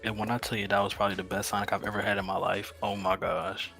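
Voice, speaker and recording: A young man with a lower voice that still has a forceful, bright edge tells laid-back stories in casual chat. He keeps checking in with his listeners, and faint music plays behind him. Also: flat delivery, fast talker, vocal fry. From Mississippi. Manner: laid-back storytelling, keeps saying "you feel me". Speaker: podcast co-host.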